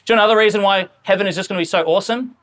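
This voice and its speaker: A man preaching a sermon in a church, talking in a lively, conversational way and acting out quoted voices. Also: high-pitched, rapid-fire.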